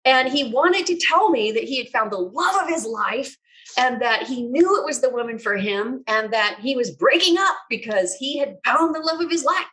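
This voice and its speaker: A woman telling a personal story in an expressive, self-mocking way. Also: normal speed. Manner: expressive, self-mocking, big pitch swings.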